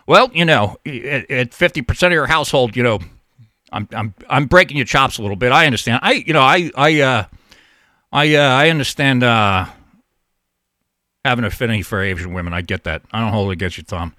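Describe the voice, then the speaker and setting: A man's voice: medium pitch, a little fast, bright, forceful tone, no room sound, clean studio sound. A man hosting a call-in show, rambling, profane and stammering through restarts in a casual monologue. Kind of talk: casual talk radio monologue.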